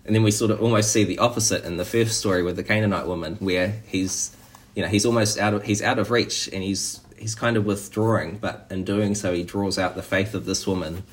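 Casting: man, low-pitched voice, preacher, conversational sermon with easy restarts. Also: fairly even intonation, fairly quick, few pauses. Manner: conversational, frequent "you know" and restarts.

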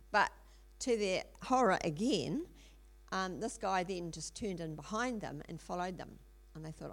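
A woman's voice: mid-range voice, expressive, moderate pace, fairly bright tone. A middle-aged woman telling a story in a sermon, earnest, with frequent ums and restarts. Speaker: speaker in a church teaching series.

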